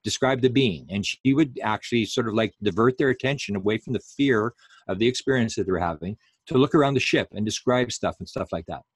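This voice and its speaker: A man's voice: lowish voice, fairly quick, slightly rough, dry recording. A man giving an online lecture, talking unhurriedly with many fillers and restarts.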